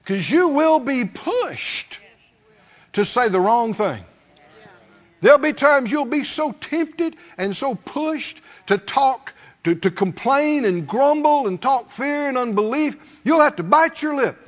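A man's voice: extremely high pitch, lively intonation, slow. A man preaching a sermon as pastor, calling out to the congregation and acting out complaining voices. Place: church sanctuary. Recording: dull sound, long hall reverb.

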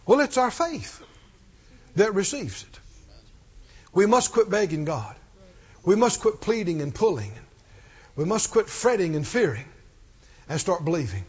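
High-voiced emphatic male preacher. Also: sing-song, unhurried, pauses often, breathy edge. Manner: emphatic, rhetorical questions to the congregation. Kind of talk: sermon. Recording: dull lo-fi recording.

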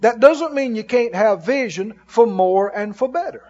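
A man's voice: high-pitched, lively intonation, normal speed, a little mellow, in a large hall, highs cut off. A male preacher giving a folksy, emphatic sermon, often laughing as he preaches.

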